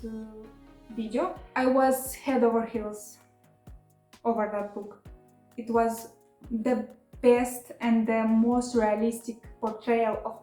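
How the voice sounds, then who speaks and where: A woman's voice: fairly high pitch, a little mellow, roomy sound, low-quality recording. A woman with chatting casually in a book haul video, emotional and laughing often with many fillers. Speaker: book vlogger.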